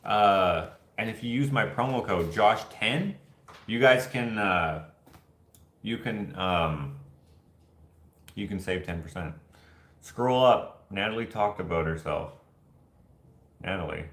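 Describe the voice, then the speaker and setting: A man's voice: on the low side, slow, long pauses, echoey room. A man hosting a casual livestream, telling rambling stories and acting out the voices of the people in them. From Canada. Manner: rambling animated storytelling, acts out voices. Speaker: host. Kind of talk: casual livestream chat, reading viewer comments.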